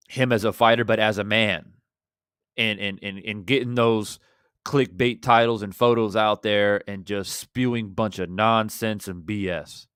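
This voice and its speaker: A man hosting a fan reaction channel, talking in an impassioned, rhetorical way that swings between loud and quiet. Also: lowish voice, smooth, dry recording, clean studio sound. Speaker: boxing channel host.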